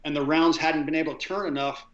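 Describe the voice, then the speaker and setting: A man's voice: on the high side, steady tone, fast, echoey room, muffled recording. A middle-aged man, a retired Marine, telling war stories in a rambling way with lots of fillers and quoted dialogue. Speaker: guest, retired Marine gunner. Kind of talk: conversational storytelling.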